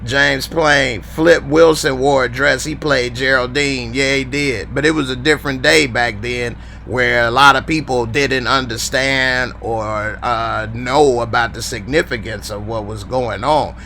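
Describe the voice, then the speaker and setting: Chill slangy guy hosting a live show, reading chat comments, bright forward tone. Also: mid-range voice, steady tone, a little slow, few pauses, a little hiss or hum. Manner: laid-back, slangy, chatty. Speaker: show host.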